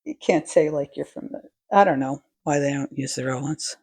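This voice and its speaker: A woman's voice: sits low, normal speed, a little mellow, breathy edge. A woman co-hosting a podcast in casual chat, reading out her own notes on an episode and joking along. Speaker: podcast co-host.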